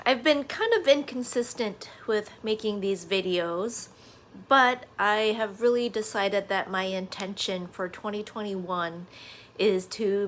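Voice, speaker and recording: A woman in her thirties talking earnestly to her viewers in a casual vlog, with lots of "uh" and "you know". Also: mid-range voice. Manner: earnest, conversational, many fillers like "uh" and "you know". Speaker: vlogger. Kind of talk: casual reflective monologue to camera.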